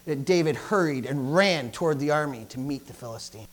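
A man's voice: medium pitch, expressive, fairly quick. A male pastor preaching a fervent sermon, calling out hallelujahs and repeating lines for emphasis.

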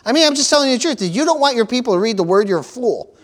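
A pastor's notably high, slightly bright voice races through a sermon with lively intonation. He engages the congregation in call-and-response, tossing out amens and praise-the-Lords and repeating phrases to press his points.

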